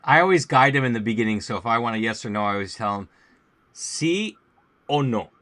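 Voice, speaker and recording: A man's voice: fairly low pitch, rapid-fire. A man who teaches languages, chatting casually about his classroom and acting out bits of lessons as he goes. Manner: lively storyteller, acts out classroom voices.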